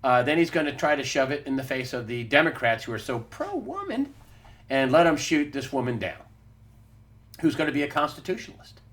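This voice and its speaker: A man's voice: medium pitch, big pitch swings, brisk, fairly bright tone. A man hosting a weekly news wrap-up, giving emphatic, combative political commentary and calling his listeners "folks.". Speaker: host of a weekly news show.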